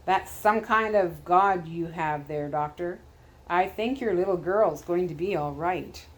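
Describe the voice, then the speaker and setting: A woman's voice: lowish voice, measured pace, lightly acted. A woman voicing a rescuer man who speaks earnestly and in amazement. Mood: awed.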